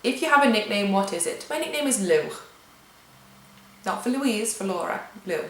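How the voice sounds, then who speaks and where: This young vlogger from England speaks with a British accent, chattily reading tag questions and answering them offhand at home. Her mid-range voice is animated and at normal speed, though the recording is low quality and roomy.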